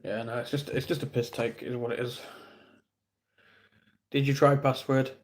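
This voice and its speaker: A man's voice: mid-range voice, little pitch movement, moderate pace. A man with an English accent streaming live, chatting casually with viewers in a rambling, self-deprecating way.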